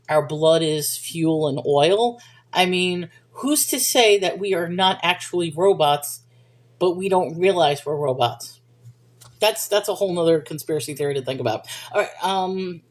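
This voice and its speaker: A woman hosting a livestream, answering viewers' questions in a casual, rambling Bible discussion and apologizing for wandering off topic. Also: fairly low pitch.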